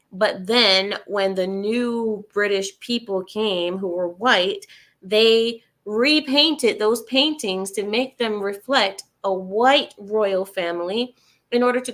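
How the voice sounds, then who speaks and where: A woman talking casually on a livestream, with a voice of ordinary pitch for a woman. She reads out viewer comments and answers them sarcastically, breaking into laughter now and then. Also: a bit bright. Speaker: livestream host reading chat.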